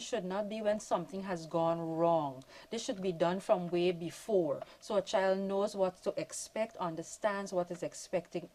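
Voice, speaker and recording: A woman calmly explaining parenting points on a panel. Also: medium pitch, poor audio. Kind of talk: panel discussion.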